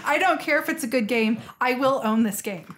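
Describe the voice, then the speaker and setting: A woman's voice: high voice, a little fast, fairly bright tone. A woman co-hosting a casual chat, enthusiastic and teasing. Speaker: co-host.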